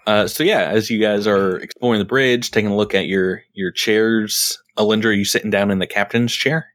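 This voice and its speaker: Relaxed man running a tabletop game. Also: lowish voice, brisk, dry recording, studio quality. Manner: relaxed, rambling with fillers and restarts. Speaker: game master.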